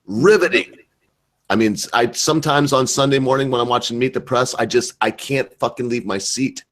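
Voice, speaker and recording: A middle-aged American man hosts a casual online voice chat over a computer mic, speaking fairly quickly in a steady, mid-range, slightly bright voice. He rambles, swears freely, and leans heavily on sarcasm.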